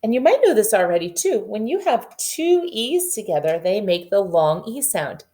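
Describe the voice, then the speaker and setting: A woman teacher giving a phonics lesson for young children, patiently sounding out letters and word parts slowly and clearly, coaxing her young learners with questions. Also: mid-range voice, very animated, warm tone.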